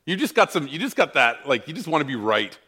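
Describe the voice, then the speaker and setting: A man preaching, telling a personal story with lively, self-mocking animation. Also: a little high, quick pace, breathy edge. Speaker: pastor. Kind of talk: sermon storytelling.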